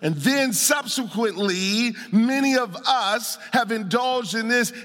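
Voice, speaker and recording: Male pastor, high tense voice, preaching with a sung cadence in a reverberant sanctuary. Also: slow pace. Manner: emphatic preaching that swells into shouts and a sung cadence. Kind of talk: sermon. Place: church sanctuary. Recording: long church hall reverb.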